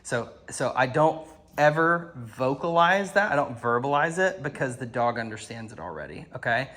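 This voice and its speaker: A man working as a dog trainer, coaching an owner outdoors with calm instructions and frequent praise. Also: medium pitch, moderate pace. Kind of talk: hands-on coaching. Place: outdoors at a house doorway and yard.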